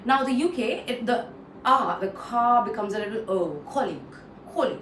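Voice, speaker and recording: A woman's voice: fairly high pitch, fairly bright tone. Indian woman teaching pronunciation, echoey room. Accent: Indian English. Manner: repeats words slowly, mixes in Hindi phrases. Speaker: English pronunciation trainer. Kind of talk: casual online pronunciation lesson. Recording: echoey room, distant mic, faint noise.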